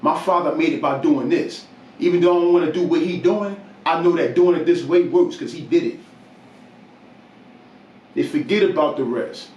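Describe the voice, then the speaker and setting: A man's voice: fairly high pitch, normal speed, long pauses, a little mellow, dull audio. Emphatic man lecturing, roomy distant sound. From New Jersey. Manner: emphatic, lecturing, repeats to drive points home. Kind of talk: casual talk, preaching advice.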